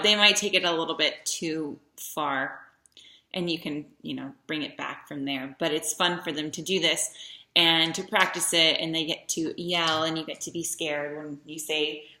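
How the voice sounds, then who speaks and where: A woman teaching young string players, her voice sitting low but sounding bright and forceful. She chants rhythmic beginner drills with patience. The room around her rings with echo. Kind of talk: demonstrating posture games for young learners.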